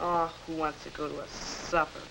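A man's voice: a little high, level tone, moderate pace, creaky, background noise. An actor playing a hungry, sulky teenage boy with careless table manners in a 1950s educational film. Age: teens. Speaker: student.

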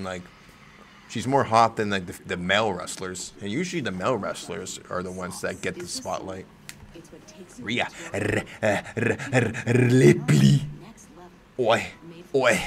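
A man hosting a casual livestream, reacting to wrestling, swearing freely and breaking into loud yells. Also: fairly low pitch. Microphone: desk microphone.

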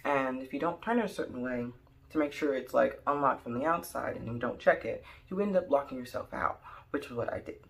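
Young adult woman vlogger, casual storyteller, animated and jokey, gravelly low edge. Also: fairly quick. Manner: rambling, animated, jokey, full of "like" and "um".

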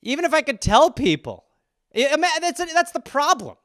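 High, lively-voiced comedian riffing solo. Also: male voice, dry recording, studio quality. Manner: rambling, profane, animated storytelling with quick voice impressions. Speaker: podcast host.

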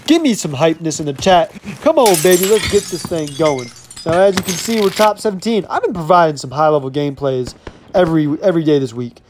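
A man's voice: a little high, animated, fairly quick, noisy background. Hyped-up young man gaming commentary. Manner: upbeat hype talk, keeps saying "you know what I'm saying". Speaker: gaming YouTuber. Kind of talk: casual gameplay commentary.

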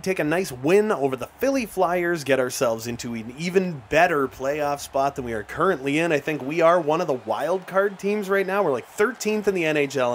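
A young man with a slightly high voice calls his hockey video game play-by-play. His tone is casual and slangy, and it jumps into excited shouts whenever a play comes together. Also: slight background noise. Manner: play-by-play calling with bursts of excitement and laughs; casual, slangy, talks straight to viewers. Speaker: gaming YouTuber. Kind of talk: excited gameplay commentary.

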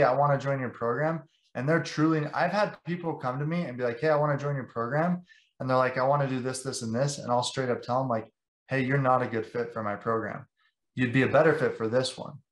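A man's voice: mid-range voice, a little fast, reverberant. A young man, a sales director, talks passionately and at length in a casual podcast interview, filling his sentences with "like". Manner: passionate, rambling with many "like"s.

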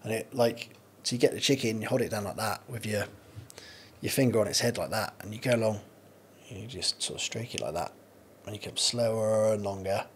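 A man's voice: on the low side, a little fast, slight background noise. A man, a podcast guest, talking candidly in casual chat with many restarts and storytelling. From United Kingdom.

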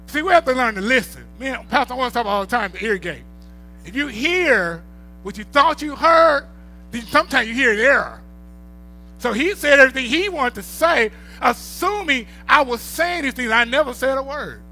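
A man's voice: very high voice, expressive, normal speed, sharp tone, faint music behind. A middle-aged male pastor, preaching a sermon with rising bursts of volume and storytelling.

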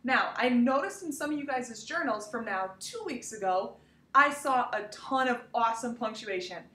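A woman's voice: fairly high pitch, lively intonation, normal speed, sharp tone, far from the mic. A woman teacher giving a cheerful, encouraging grammar lesson to young children, speaking to them directly. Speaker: elementary school teacher. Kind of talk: recorded remote grammar lesson. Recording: echoey room, voice from off mic.

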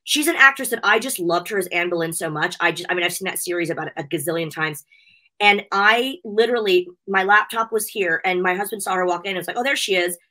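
A woman's voice: on the low side, fast talker, pushed and bright. A middle-aged woman chatting as an interview guest, gushing and emotional, laughing often as she talks. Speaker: interview guest, wrestling show host. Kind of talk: casual interview chat.

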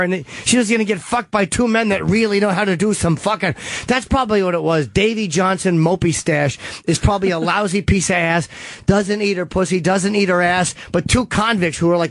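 A man's voice: sits high, brisk, no room sound. A male comedian riffing crudely on a talk show, profane and laughing often.

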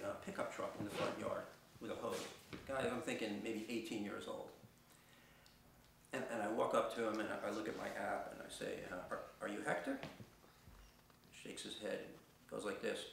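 A middle-aged man telling a personal story on stage, halting, with many restarts and fillers. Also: fairly low pitch, vocal fry, a little hiss or hum. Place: theater stage. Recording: echoey theater from far off.

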